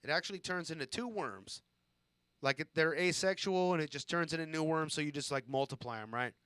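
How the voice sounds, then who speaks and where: A man in his thirties from Southern California rambles through crude childhood stories on a live stream, swearing freely and poking fun at himself. His voice sits a little high and rings clear and smooth. The sound is dry and close. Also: brisk, fairly bright tone, no room sound. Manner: rambling, profane, self-deprecating storytelling. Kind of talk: casual storytelling on a live stream.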